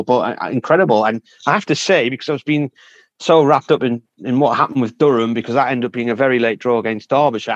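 A man's voice: medium pitch, no echo, lo-fi sound. A man with a Northern English accent, a cricket correspondent, chatting in a teasing, rambling way with fillers. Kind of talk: casual cricket chat.

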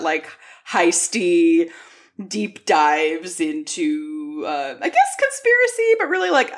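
A woman from Mexico co-hosting a casual book podcast, chatty and quick to laugh. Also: low-pitched. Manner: chatty, laughs often, many fillers. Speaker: podcast co-host.

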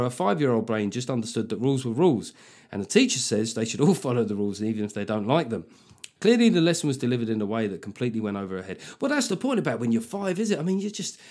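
A man's voice: mid-range voice, a little mellow. A middle-aged man hosting a comedy podcast, talking in a sweary, conversational way. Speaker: podcast host.

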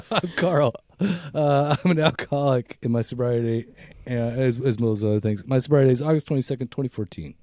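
A man in his fifties co-hosting a podcast, chatting casually in a rambling, reflective way with halting restarts. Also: mid-range voice, dark tone, dry recording, studio quality. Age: 50s. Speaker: podcast co-host. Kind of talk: casual chat.

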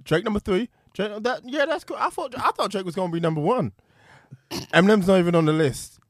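A young man, bantering in casual podcast chat, animated and laughing often. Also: high-pitched, fairly quick, no echo, clean studio sound. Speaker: podcast co-host.

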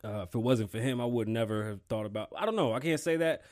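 A man's voice: mid-range voice, expressive, quick pace, darkish tone. A man hosting his own podcast solo, talking in a loose, rambling, profane street manner. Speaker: podcast host. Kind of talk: casual solo podcast monologue.

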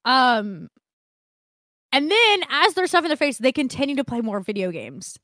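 Young woman podcast co-host, casual storyteller, crisp bright voice, dry close sound. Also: high-pitched, moderate pace, no echo. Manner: animated, swears freely, laughs often.

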